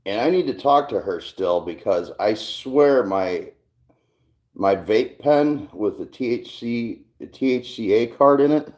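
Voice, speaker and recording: A man's voice: medium pitch, animated, a little slow, darkish tone. A man hosting a casual livestream from his garage, talking in a rambling, laid-back way and swearing often. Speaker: livestream host.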